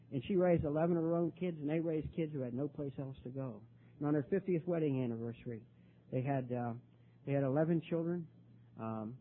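An older man telling his own recovery story at a meeting, halting and repeating words, his voice rising when he gets worked up. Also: mid-range voice. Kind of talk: personal testimony talk. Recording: tinny phone-like recording.

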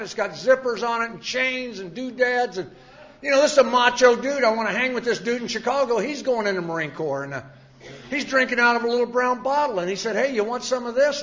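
Through dull, lo-fi audio, a high-pitched, slightly bright older man tells an audience his own recovery story. He keeps it folksy and plain, often making fun of himself.

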